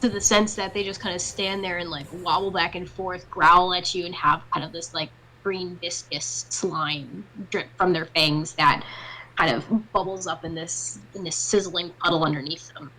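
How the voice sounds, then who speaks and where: A woman's voice: fairly low pitch, steady tone, moderate pace, sharp tone, poor audio. A woman narrating as game master of a tabletop role-playing game, describing scenes with many fillers. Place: home setup on a live stream.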